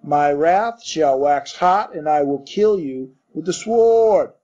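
A man voicing a pompous preacher who declaims scripture slowly and loudly, in a storybook reading. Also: expressive. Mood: thundering. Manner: slow, booming scripture declamation. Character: bellowing male preacher, pompous and thunderous. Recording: dull muffled recording.

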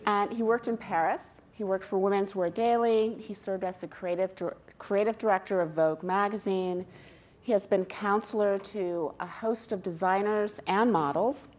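A woman interviewer on stage introducing her guest and asking questions in a measured way, with small hesitations. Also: mid-range voice, steady tone, darkish tone. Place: stage before a live audience.

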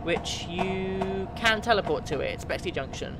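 A man from the UK chatting casually with his viewers during a live game stream, reading out their names and getting excited now and then. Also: sits high, normal speed, over loud music. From United Kingdom. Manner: chatty, reads out chat names, bursts of excitement. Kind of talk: casual gaming livestream chat.

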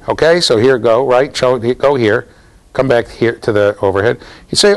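A man lecturing a university class in a lively, jokey way, talking straight to the students. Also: mid-range voice, moderate pace. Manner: animated, jokey, talks to students directly.

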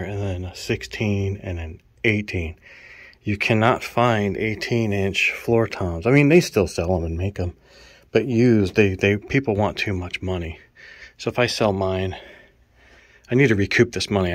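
A man with a low voice rambles through his gear in a casual show-and-tell, out of breath from hauling it around. The sound is dry and close, with no room echo. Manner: rambling, counts items aloud. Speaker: drummer vlogger.

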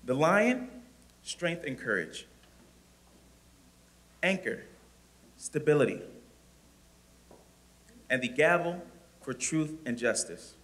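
A man's voice: fairly high pitch, big pitch swings, takes it slowly, long pauses, a bit bright. A man, an outreach manager, presenting his organization's core values to school students and going through them one by one. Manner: explaining clearly, listing items.

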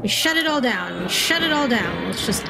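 A woman's voice: a little high, very animated, moderate pace, vocal fry. Jumpy woman streaming a horror game. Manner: jumpy, yelps and talks herself through scares. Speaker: gaming streamer. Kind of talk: horror game let's play commentary.

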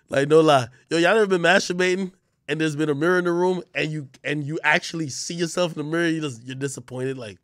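A man streaming live, telling crude stories in loud, laughing casual chat with sudden yelps. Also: on the high side, moderate pace, no echo, clean studio sound.

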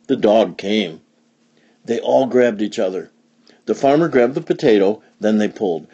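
A man reading a picture book aloud for young learners, animated, with big jumps in pitch for emphasis. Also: measured pace, slightly rough, highs cut off. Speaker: storybook reader.

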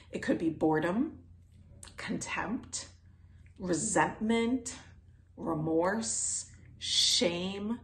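A woman teaching self-compassion in a gentle, unhurried way, with pauses and fillers. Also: mid-range voice, roomy sound, slight background noise. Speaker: wellness teacher.

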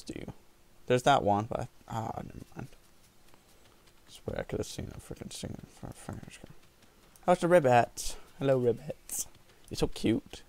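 Excitable man narrating a video game. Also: mid-range voice, vocal fry. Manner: excitable, jokey, rambling, with sudden whoops and yells. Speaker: gaming video host. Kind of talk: let's play commentary.

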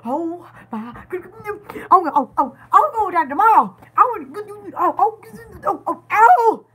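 Woman, very high pitch, chatty, giggly, live sale host. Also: big pitch swings, moderate pace, pushed and bright. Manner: chatty, giggly, scattered, stumbles and repeats. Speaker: live-stream seller. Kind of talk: casual live sale chat.

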